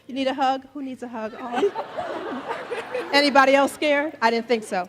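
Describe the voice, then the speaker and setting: A middle-aged woman telling folktales live in a festival tent, playful and animated, joking with the audience and leading them in refrains. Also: sits high, measured pace, pauses often, background noise. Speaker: storyteller. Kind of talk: live storytelling performance. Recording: faint audience crowd behind. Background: faint crowd of listeners.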